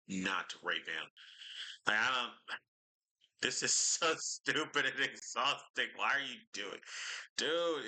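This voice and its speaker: A man's voice: fairly low pitch, pushed and bright. A man ranting through a reaction commentary, exasperated and swearing heavily as he picks apart what he reads. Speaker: reaction streamer.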